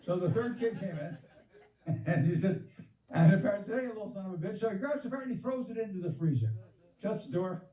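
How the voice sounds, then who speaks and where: A man's voice: high voice, lively intonation, a little fast, mellow, distant mic. Older man telling jokes over a roomy call. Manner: rambling, laughs at his own jokes, acts out voices in a joke. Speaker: stand-up comedian performing by video call. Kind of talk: stand-up joke telling. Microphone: video call.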